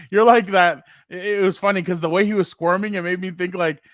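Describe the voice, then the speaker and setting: A man's voice: high-pitched, steady tone, normal speed, a bit bright, no echo, clean studio sound. A man co-hosting a sports podcast in casual chat, rambling with lots of fillers and acted-out quotes. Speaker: podcast co-host.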